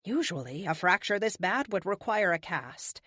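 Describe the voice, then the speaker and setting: Expressive woman narrating an audiobook. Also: on the low side, normal speed, husky, dry recording, clean studio sound. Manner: expressive, dramatic. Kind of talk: first-person audiobook narration.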